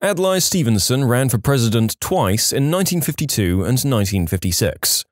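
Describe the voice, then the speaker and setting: A man narrating reddit stories in a scripted read, briskly and with timed punchlines. His pitch moves in an animated way, and the recording is close and dry with no room sound. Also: no room sound. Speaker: story narrator.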